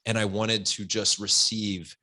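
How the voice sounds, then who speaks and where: Low-voiced man, earnest and emotional. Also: unhurried, no echo. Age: 40s. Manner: earnest, open, animated retelling with quoted voices. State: close to tears. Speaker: podcast guest. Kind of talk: emotional personal storytelling.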